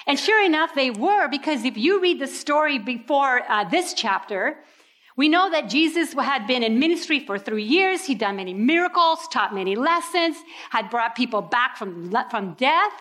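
A woman preaching a sermon in an animated way, acting out people's reactions with sudden leaps in her voice. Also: sits high, moderate pace.

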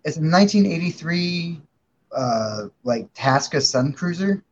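A man guest tells a story on a talk show, halting and stammering as he goes. His voice sounds dull and muffled, as if through a lo-fi mic. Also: a little high, lively intonation. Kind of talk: casual chat.

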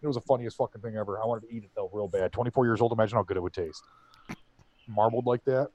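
A man's voice: on the low side, fast talker. A young man co-hosting a podcast, telling crude stories with lots of swearing and mimicking other voices. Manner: animated storyteller, swears often, mimics voices. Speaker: podcast co-host. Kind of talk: casual crude banter.

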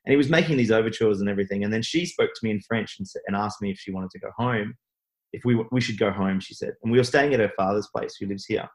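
A man's voice: lowish voice, fast talker, rough recording. Rambling man telling his story. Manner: rambling, full of restarts and fillers. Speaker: guest. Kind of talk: interview storytelling.

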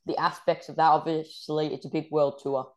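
A woman's voice: sits low, little pitch movement, normal speed, a little mellow. A woman with an Australian accent hosting a sports podcast, asking polite interview questions and agreeing often. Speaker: podcast host.

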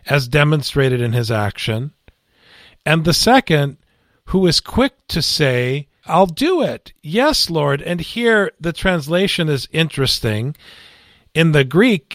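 A man, a priest, teaching scripture in a Bible study discussion, deliberate and emphatic. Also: on the high side, a bit bright, no room sound, studio quality.

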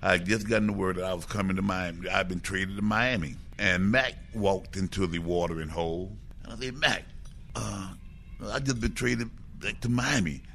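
A man's voice: low voice, normal speed, creaky, fairly bright tone, slight background noise. An older man, a former player, telling an easygoing story and chuckling as he recalls it. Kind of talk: relaxed storytelling.

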